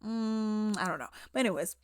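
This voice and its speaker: A woman, casually recapping a movie, animated and exasperated, acting out the characters' lines. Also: mid-range voice, a little fast, no room sound, studio quality. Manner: chatty and animated, acts out characters' lines in quotes; exasperated, sarcastic asides. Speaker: movie reviewer.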